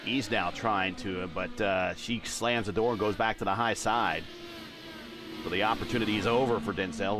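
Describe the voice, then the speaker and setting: A man's voice: fairly low pitch, fairly even intonation, moderate pace, over music. A man doing sim racing broadcast commentary, reeling off driver stats and dropping jokey asides between calls. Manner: stat-heavy play-by-play with jokey asides. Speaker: race commentator.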